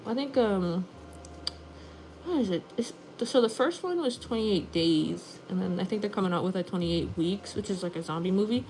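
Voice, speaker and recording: A chatty woman nail artist talks casually through a livestream, animated and quick to fill her sentences with "like". Her voice sits at an ordinary middle pitch, and a faint noise runs under it. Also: low-quality recording. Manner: chatty, animated, says "like" often. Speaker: nail artist streaming live. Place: nail studio.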